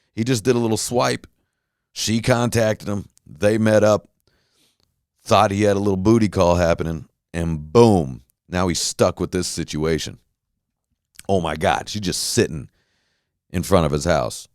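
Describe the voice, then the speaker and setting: Low-voiced man ranting a story. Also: a little slow, no room sound, studio quality. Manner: rambling, animated retelling with quoted voices and profanity. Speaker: podcast host. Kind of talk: casual storytelling rant.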